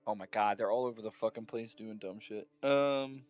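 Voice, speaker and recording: A man talking as a player at a tabletop game, deadpan with small hesitations. His voice sits on the low side, with faint music in the background. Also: moderate pace. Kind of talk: casual tabletop game chat.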